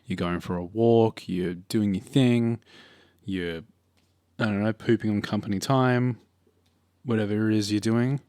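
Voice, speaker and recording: A man's voice: lowish voice, fairly even intonation, measured pace, mellow, smooth, dry recording, studio quality. A man co-hosting a podcast, rambling and joking in a laid-back, casual chat. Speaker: podcast co-host.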